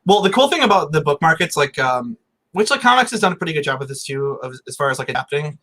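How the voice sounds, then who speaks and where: A man's voice: fairly high pitch, big pitch swings, quick pace, bright, forceful tone. A man in his thirties, a guest author chatting casually with a loose, filler-heavy way of talking. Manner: laid-back, full of "like" and fillers. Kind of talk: casual chat.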